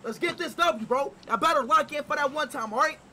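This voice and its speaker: A man live-streaming a mobile game, talking loudly and excitedly, shouting and repeating words quickly. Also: very high voice, slight background noise. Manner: loud, hyped, shouting, rapid repeats. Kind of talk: excited gaming livestream chatter.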